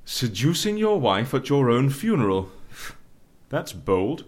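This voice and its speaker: A dry, sardonic agent. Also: male voice, mid-range voice, big pitch swings. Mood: teasing. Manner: brisk and teasing, rattles off rapid questions. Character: dry, sardonic male agency agent, unflappable. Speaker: agent of a secret death-faking agency. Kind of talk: audio drama acting.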